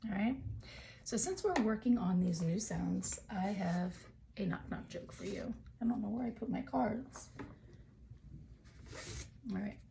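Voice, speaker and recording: Slow, gravelly-voiced woman teacher. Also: mid-range voice, animated, noisy background. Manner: slow, patient, encouraging teacher talk. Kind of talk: remote phonics lesson for young children.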